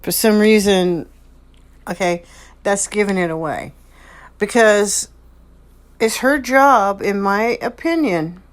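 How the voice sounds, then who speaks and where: A slow-talking woman delivers rambling, repetitive commentary over video clips, dwelling on how others pronounce words. Her pace is deliberate and her pitch sits in the middle range for a woman. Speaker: channel host commenting on clips.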